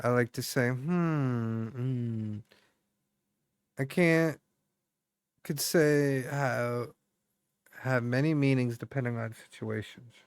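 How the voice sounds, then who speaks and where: Young man streamer, smooth dry voice. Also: medium pitch, fairly even intonation, unhurried, pauses often, no room sound. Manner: rambling, chatty, full of fillers and restarts. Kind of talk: casual chat with viewers.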